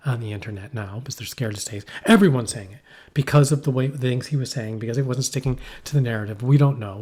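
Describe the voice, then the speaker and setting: A man co-hosting a casual podcast, rambling through an animated story with playful asides. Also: medium pitch, slightly rough. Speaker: podcast co-host. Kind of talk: casual conversational podcast chat. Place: poorly heated shack.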